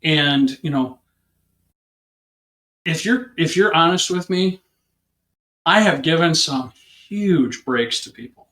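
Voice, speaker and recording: A man's voice: on the high side, slow pace, pauses often, roomy sound. A man, a police officer, telling an anecdote in an interview and acting out the people in it. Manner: lively anecdote-teller who acts out the people in it. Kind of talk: casual storytelling in an interview.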